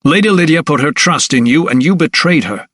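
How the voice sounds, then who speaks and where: A man's voice: a little high, animated, brisk, fairly bright tone, no echo, studio quality, voice pushed up. A man voicing a hot-tempered young doctor in an audiobook, speaking with heated indignation. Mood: indignant.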